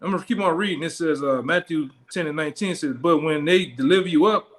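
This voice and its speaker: A man's voice: fairly high pitch, quick pace. A man leading a Bible study in blunt, profane street talk, tagging his lines with "man" and "all right?". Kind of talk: street-style scripture teaching.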